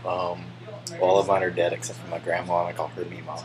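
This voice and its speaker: Young man, very low voice, soft-spoken and casual. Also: completely flat delivery, fast talker, crowd noise, low-quality recording. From Spartanburg, South Carolina. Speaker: vlogger. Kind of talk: casual chat reading a word list.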